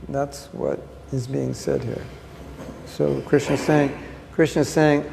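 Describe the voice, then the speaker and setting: A man's voice: medium pitch, fairly even intonation, measured pace, vocal fry, darkish tone, long reverb tail, a little hiss or hum. A man giving a scripture class, reading a passage aloud and then explaining it with emphatic asides, recorded on a phone.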